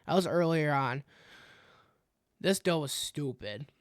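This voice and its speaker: A man's voice: fairly high pitch, lively intonation, slow, clear, resonant tone, no room sound, studio quality. A young man, co-hosting a podcast and animatedly telling a hunting story, acting out his own reactions as he goes. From Wisconsin. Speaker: podcast co-host. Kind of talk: casual hunting story chat.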